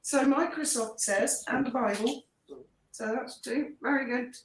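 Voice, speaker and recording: A woman's voice: high voice, reverberant, crowd noise, low-quality recording. A woman co-hosting a casual live chat, teasing and questioning the others. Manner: teasing, quick to laugh, questioning.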